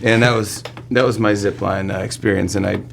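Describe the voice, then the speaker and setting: A fortysomething man, a talk show host sitting as a guest in a studio interview, speaks in a lowish, creaky voice at a fairly quick clip. He laughs a lot while spinning an excitable story and performing the quoted lines, with a little background noise present.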